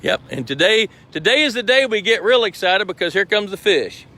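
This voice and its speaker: A man's voice: high-pitched, lively intonation, a little fast, pushed and bright. A man hosting a live stream outdoors by a lake, chatty and explanatory as he walks around with his phone camera. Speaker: host. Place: outdoors by a lake at a fish truck. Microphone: handheld phone camera.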